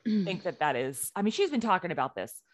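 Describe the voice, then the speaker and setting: Podcast lady telling a story, pitch jumps all over, lowish voice. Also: a little fast. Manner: animated storytelling, acts out quotes. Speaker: podcast co-host. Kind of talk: casual chat.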